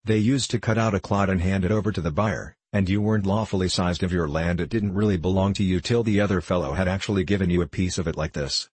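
An ancient, mischievous male sprite, read aloud by a man tells of old magic with a wry, knowing edge. His voice sits low and a little husky. The audiobook recording is close and dry. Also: fast talker, few pauses, a little mellow, dry recording. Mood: coaxing. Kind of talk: audiobook character reading.

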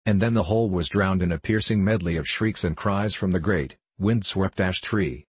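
A man narrating a classic novel in a steady, measured storytelling voice. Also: sits low, slightly rough, no echo. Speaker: audiobook narrator.

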